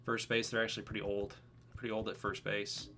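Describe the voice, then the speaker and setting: A man's voice: lowish voice, completely flat delivery, fairly quick, bright, forceful tone, slight background noise. A man casually hosting a baseball video game franchise livestream, chatting with viewers by name. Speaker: host of a franchise stream.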